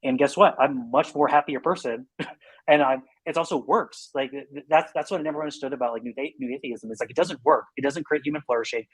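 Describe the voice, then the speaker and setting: A man talking as a podcast guest in casual conversation, earnest and rambling, with lots of "like" and quick run-on bursts. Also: mid-range voice, slightly rough, dry recording, rough recording.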